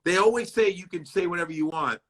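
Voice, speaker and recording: Blunt, bright-voiced comedian. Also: male voice, high voice, fast. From Chicago. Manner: blunt, profane, animated storytelling that acts out other people's lines. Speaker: comedian guest. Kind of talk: casual interview chat.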